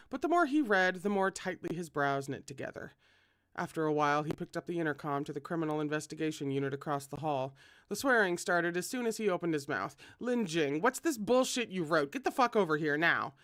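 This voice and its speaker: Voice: mid-range voice, fairly bright tone, no echo, studio quality. A fan reader reading a novel aloud, with chatty asides to viewers. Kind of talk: casual read-aloud of a novel.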